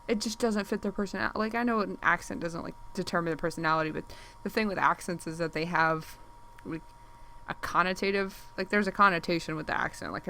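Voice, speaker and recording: A woman's voice: on the low side, sharp tone, a little hiss or hum. A woman thinking aloud while she sketches on a stream, rambling and easily distracted, with lots of filler words and sudden exclamations. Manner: exclaims at what she sees on screen. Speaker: artist streaming while drawing.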